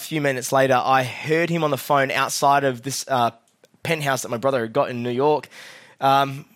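Man preaching a testimony sermon. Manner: drops soft and low for the story, then loud and rousing with the crowd. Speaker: guest preacher. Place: church hall.

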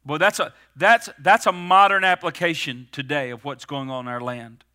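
A middle-aged man preaching a sermon as pastor, stressing words with slowed, emphatic pauses. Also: on the high side, steady tone, bright, forceful tone, clean tone.

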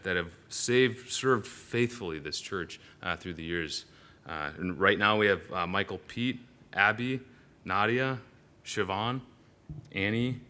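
A man's voice: sits low, pushed and bright. A male pastor giving a sermon in a church, telling stories animatedly with frequent "uh" fillers and restarts.

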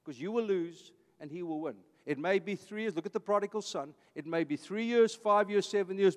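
High-voiced Afrikaans-accented pastor in a hall. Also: male voice. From South Africa. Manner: emphatic, preacherly, with repeated phrases. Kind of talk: talk to a church audience.

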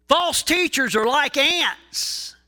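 A man preaching a sermon as pastor, emphatic, with rhetorical questions, asides and pauses for emphasis. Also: very high voice, lively intonation, sharp tone.

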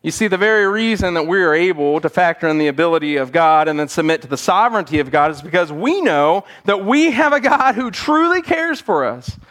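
A man preaching a sermon as pastor, earnest, sometimes acting out scenes with animated quoted voices, in a church sanctuary. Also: sits high, brisk, few pauses.

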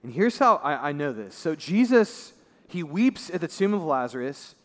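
Male pastor, slightly higher voice, conversational sermon, long hall reverb. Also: sing-song, moderate pace. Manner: conversational preaching, voice drops low and soft for emphasis.

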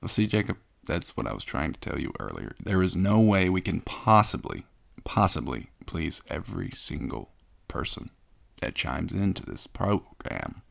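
A man's voice: low-pitched, very animated, normal speed, gravelly. A man hosting a comedic podcast, talking in a mock-pompous, self-important way. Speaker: host.

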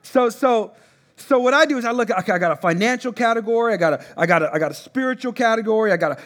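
High-voiced casual male preacher. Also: animated, very fast, a bit bright. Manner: conversational, repetitive, asks congregation to respond. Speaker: pastor. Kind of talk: sermon.

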